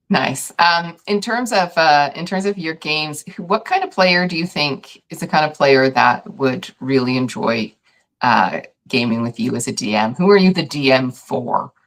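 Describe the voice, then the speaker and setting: A woman's voice: low-pitched, expressive, unhurried. A woman host interviewing a guest in casual chat, asking long, rambling questions with plenty of fillers.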